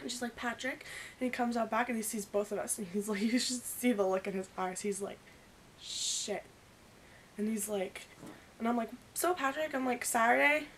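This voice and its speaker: A woman's voice: on the high side, a little hiss or hum. Chatty young woman retelling drama. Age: young adult. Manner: rambling, animated retelling full of "like" and quoted dialogue. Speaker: vlogger. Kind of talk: casual storytelling vlog.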